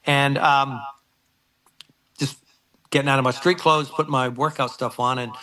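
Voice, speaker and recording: An older man in his sixties spins a long story from his playing days as a guest on a sports interview. His voice sits at an ordinary, mid pitch for a man. He rambles, fills gaps with "uh" and "um", and acts out the back-and-forth of old conversations. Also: steady tone, normal speed, bright, forceful tone. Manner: rambling, many filler words, acts out old dialogue. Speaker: former football kicker, guest.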